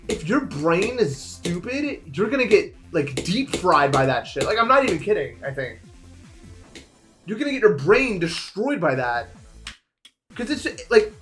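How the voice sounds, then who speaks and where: A young man streaming, chatting casually with viewers in a rambling, animated way. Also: high voice. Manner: rambling, animated, swings into shouting.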